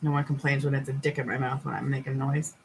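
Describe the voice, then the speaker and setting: A woman's voice: a bass voice, little pitch movement, fast, slight background noise, rough recording. A woman live streamer, stoned, chatting casually to her viewers while eating and talking with her mouth full.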